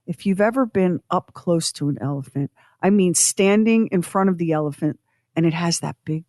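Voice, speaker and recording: A woman co-hosting a podcast, telling a personal story in an animated, self-deprecating way with acted-out quotes. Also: on the low side, normal speed, no echo, clean studio sound. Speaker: podcast co-host.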